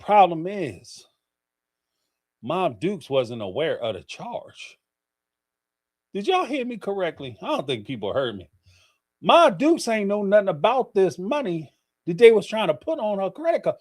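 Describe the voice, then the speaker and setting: Animated middle-aged male livestream host. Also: high voice, normal speed, long pauses. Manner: animated, theatrical, laughing storyteller. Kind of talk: casual commentary.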